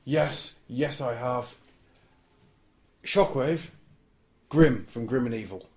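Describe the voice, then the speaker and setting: A man's voice: mid-range voice, slow pace, a little mellow. A man co-hosting a casual podcast, joking around and breaking into laughter. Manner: joking, laughs often, slips into put-on voices. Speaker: podcast co-host. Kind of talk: casual chat.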